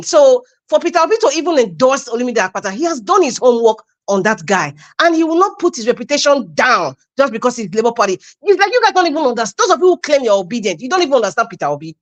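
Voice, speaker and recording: Her voice sitting high, a panelist argues passionately and emphatically in a heated political debate streamed live online, frequently saying the same things again.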